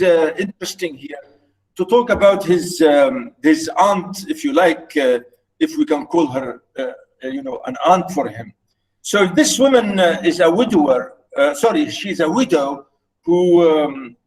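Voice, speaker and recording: This is a middle-aged man lecturing on a novel in an online class. His first language is Arabic, and his voice sits slightly high for a man. He stumbles through fillers and repeats words as he explains. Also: poor audio. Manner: halting, many fillers and repeats. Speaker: literature lecturer.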